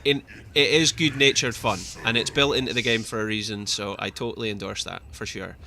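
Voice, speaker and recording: A young man casting a live esports match, chatty and excitable, laughing often. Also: on the low side, a little fast, gravelly, a little hiss or hum. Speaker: esports caster.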